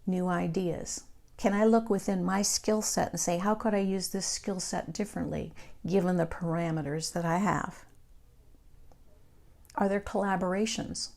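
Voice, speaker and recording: A middle-aged woman, leading a meditation group in a calm, reflective and candid way. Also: fairly low pitch, normal speed, gravelly. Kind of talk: meditation class talk.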